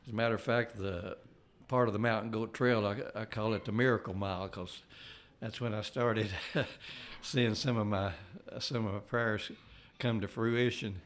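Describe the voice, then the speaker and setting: Older man, somewhat low pitch, earnest testimony, halting delivery, frequent restarts. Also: steady tone. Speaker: layman giving a faith testimony. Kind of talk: personal testimony.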